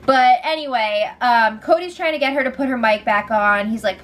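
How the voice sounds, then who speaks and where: A woman's voice: on the high side, moderate pace. A young woman casually recapping reality show events, chatty and giggly, acting out the quotes as she goes. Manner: chatty, giggly, animated retelling with quoted voices.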